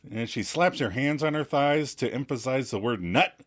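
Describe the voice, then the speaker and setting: A man co-hosting a podcast, retelling a TV episode in a casual, animated way and chuckling as he goes. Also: medium pitch, moderate pace, few pauses, noisy background. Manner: animated storytelling, chuckles between lines. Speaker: podcast co-host.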